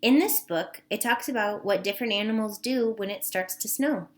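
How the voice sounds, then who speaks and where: A woman kindergarten teacher reading a picture book aloud to young children, slow and expressive with sing-song questions. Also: medium pitch.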